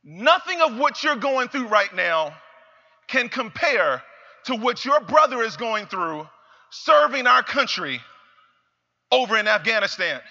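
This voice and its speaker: A man's voice: extremely high pitch, sing-song, measured pace, pushed and bright, exaggerated voice. A man voicing a stern mother who scolds and repeats her commands. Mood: scolding. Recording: reverberant hall, slightly dull sound.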